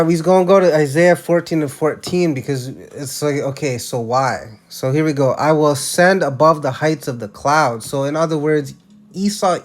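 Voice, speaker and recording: A man giving casual religious commentary, emphatic and slangy, often restarting his sentences. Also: on the high side.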